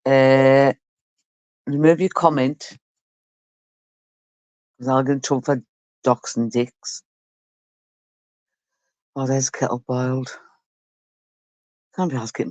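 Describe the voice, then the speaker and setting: A woman's voice: a bass voice, darkish tone, no echo. A woman talking casually and bluntly to her live-stream viewers, swearing freely.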